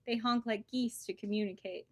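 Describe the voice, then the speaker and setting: A woman voicing a calm, matter-of-fact female vole in a storybook reading. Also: fairly high pitch, normal speed, no room sound, lightly acted.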